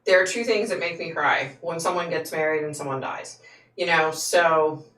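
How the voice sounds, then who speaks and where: A psychic hosts a casual live stream, answering viewers' comments frankly and laughing often. Her voice sits low and sounds fairly bright at a normal speed, though she's far from the mic in an echoey room.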